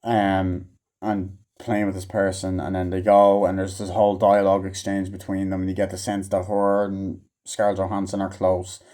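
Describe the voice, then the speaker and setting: A man's voice: low-pitched, monotone, moderate pace, a little mellow. A man rambling through a casual, profane movie review, with offhand asides and many fillers.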